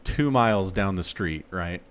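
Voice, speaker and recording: Animated sarcastic man, podcast co-host. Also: low voice. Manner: animated, sarcastic, quick asides. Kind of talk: casual chat.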